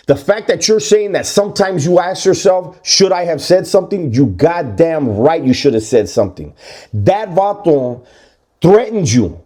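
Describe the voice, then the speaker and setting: Blunt man, lively mellow voice. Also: on the high side, normal speed. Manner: blunt, confrontational street talk. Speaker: commentator. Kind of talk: casual monologue.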